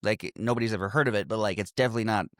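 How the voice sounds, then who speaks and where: A man's voice: on the low side, racing, no echo, clean studio sound. A man co-hosting a casual movie-review podcast, swearing freely and acting out scenes in goofy voices. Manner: lively, swears freely, acts out movie lines in funny voices. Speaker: podcast co-host.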